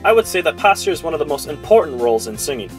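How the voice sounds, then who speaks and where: A man's voice: a little high, sing-song, racing, faint music behind. Young man teaching singing basics. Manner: earnest, instructive, demonstrates sung vowels. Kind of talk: school project tutorial.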